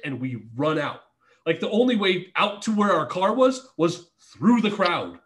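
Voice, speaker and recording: Male podcast guest, casual and animated storyteller, a bit higher-pitched, salty language. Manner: animated, profane storytelling that acts out quotes. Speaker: podcast guest, former wrestler.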